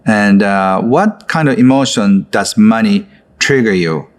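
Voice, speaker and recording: A man who leads a guided exercise in an online course, speaking gently and coaxingly with frequent filler words. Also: on the low side, a little slow. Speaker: course instructor.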